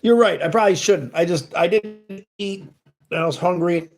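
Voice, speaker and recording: A man's voice: high voice, normal speed, soft background music. A man hosting a casual livestream, talking earnestly and rambling as he reads and answers chat messages. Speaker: livestream host. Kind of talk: casual live-stream chat.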